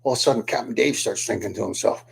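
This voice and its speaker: A man telling a folksy story, animated, asking the listener questions as he folds a paper boat. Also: on the low side, racing, vocal fry. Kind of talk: oral storytelling to the camera.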